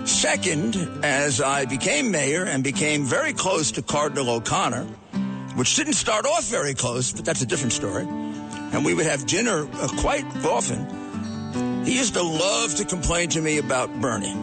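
A man recounts a story for a recorded tribute. His voice sits fairly high and he tells it with animation. Music plays clearly underneath him. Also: moderate pace. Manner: storytelling, lively. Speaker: guest recalling a friend.

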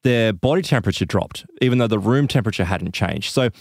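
A man's voice: lowish voice, lively intonation, fast talker, gravelly, no echo, studio quality. A man hosting a podcast, casually retelling a long story with plenty of fillers and asides.

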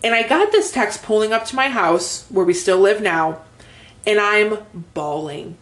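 A woman's voice: medium pitch, lively intonation, measured pace, a bit bright. Young woman, podcast co-host, candid storyteller who swears freely and says "like" a lot; casual chat.

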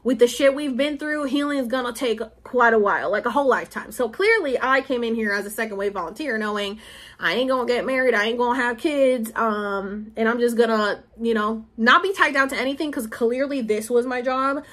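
A young woman in her twenties talks in a loose, confessional monologue, her voice sitting a little high. She wanders between thoughts, leaning on fillers like "like" and "um" as the feelings spill out. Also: brisk, a bit bright. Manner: rambling and emotional, with many "like" and "um" fillers. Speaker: spiritual vlogger and podcaster. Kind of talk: casual personal monologue.

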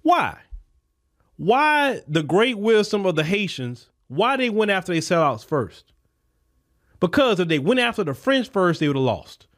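Impassioned high-voiced man ranting. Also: sing-song, measured pace. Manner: impassioned, repetitive, preacher-like cadence. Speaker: podcast host. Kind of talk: political commentary monologue. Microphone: podcast microphone.

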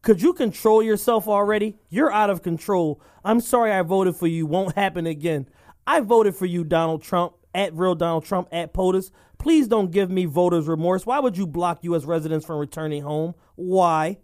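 A man co-hosting a podcast, riffing and joking in an animated, casual way. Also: high voice, moderate pace. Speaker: podcast co-host. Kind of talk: casual chat.

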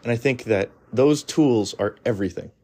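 A man's voice: medium pitch, normal speed, mellow. A man giving a blunt, rambling monologue of advice, full of restarts and fillers. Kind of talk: casual opinionated monologue.

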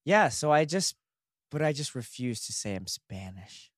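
A man's voice: mid-range voice, sing-song, unhurried, no echo, clean studio sound. A man co-hosting a podcast, chatting casually and playfully, thinking aloud and laughing easily. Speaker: podcast co-host. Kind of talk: casual chat.

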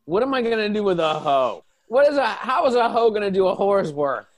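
Guy with a high voice rambling deadpan in an improv bit. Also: brisk. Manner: deadpan, mock-serious, rambling. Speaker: comedy podcast host improvising. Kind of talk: improv comedy.

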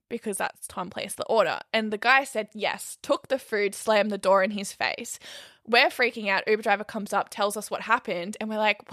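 A young woman co-hosts a podcast, telling a story in a casual, animated way, swearing freely and saying "like" a lot. Her voice is mid-range at a normal speed, recorded with studio quality and no echo.

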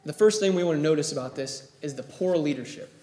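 A man's voice: fairly high pitch, fast, warm tone. A man preaching a sermon who retells a story vividly and acts out the quoted lines. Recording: echoey room.

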